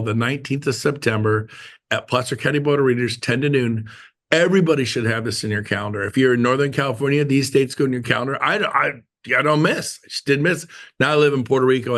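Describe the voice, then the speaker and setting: A middle-aged man leading a team meeting on a video call, talking casually in a rambling, joking way. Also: mid-range voice. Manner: rambling, joking, animated storytelling.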